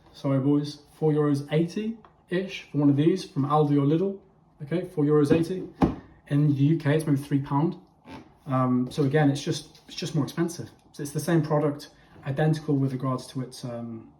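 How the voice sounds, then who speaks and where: A man's voice: a little high, a little mellow. A young man giving a chatty fitness vlog, talking straight to his viewers and tagging lines with okay. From England. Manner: chatty, addresses viewers as boys, frequent okay. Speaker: fitness vlogger. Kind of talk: casual vlog to camera. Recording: echoey room.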